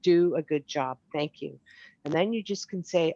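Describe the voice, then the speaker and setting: A woman's voice: lowish voice, expressive, normal speed, no echo, muffled recording. A woman teaching a healing practice over a video call, guiding the group through repeated soothing chants. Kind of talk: guided healing chant session.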